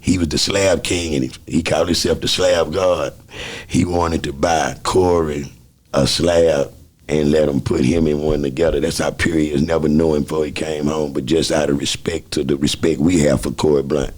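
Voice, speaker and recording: A man's voice: very deep voice, flat delivery, normal speed, darkish tone. A man being interviewed, talking casually and telling laid-back stories. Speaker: interview guest.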